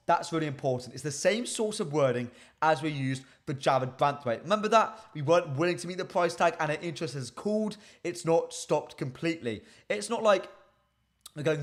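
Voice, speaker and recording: A man presenting a football live stream, chatting casually, reading viewer comments and repeating key phrases for emphasis. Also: on the high side.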